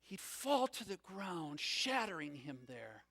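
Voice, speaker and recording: A man preaching a sermon as a first-person story, dramatic, swinging from loud passages to hushed, low ones. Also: big pitch swings, takes it slowly, few pauses. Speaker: pastor.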